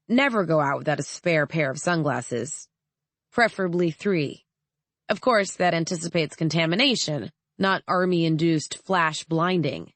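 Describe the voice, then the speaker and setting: A woman narrating a first-person audiobook in an even, measured way. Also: sits low, no room sound.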